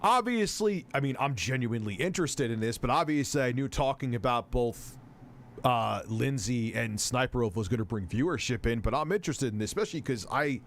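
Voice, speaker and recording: A man's voice: medium pitch, fairly quick. Rambling, foul-mouthed male streamer. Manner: rambling, profane, self-interrupting. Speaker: host. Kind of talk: casual livestream commentary.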